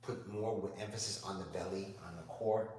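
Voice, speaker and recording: A man's voice: fairly low pitch, fairly even intonation, fairly quick, a little mellow. A man teaching a one-on-one yoga class, cueing poses and urging his student on with repeated encouragement. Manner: encouraging, repeats "you got this". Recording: echoey room from far off with faint noise.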